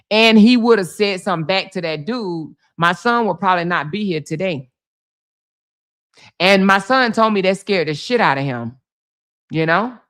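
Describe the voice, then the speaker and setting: A middle-aged woman hosts a casual livestream, reading out viewer comments and retelling stories with lively, animated delivery. She speaks close to a streaming mic at an everyday, mid-range pitch. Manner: animated storytelling, reads viewer comments aloud. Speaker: livestream host.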